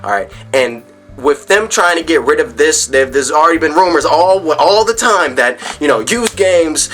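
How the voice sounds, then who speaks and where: A man's voice: a little high, animated, normal speed, a bit bright, faint music behind. A man vlogging about gaming and tech in a casual rant to camera at home, rambling with frequent restarts and repeated words.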